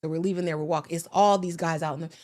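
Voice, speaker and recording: An American woman, a podcast guest, telling stories in a lively, slangy, casual way. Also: lowish voice, rapid-fire. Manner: animated storyteller, slangy. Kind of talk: casual chat.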